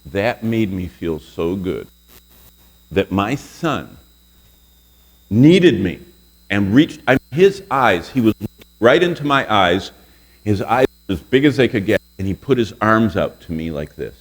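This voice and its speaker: A man's voice: lowish voice, very animated, unhurried. A man in his sixties, a pastor teaching a Bible lesson to a room of college students, telling stories and asking the class questions. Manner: storytelling, quizzes the audience with questions.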